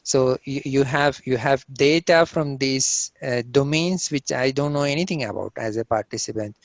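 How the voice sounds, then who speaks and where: A man's voice: medium pitch, moderate pace, no echo. Rambling man asking questions, dull dry audio. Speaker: audience questioner.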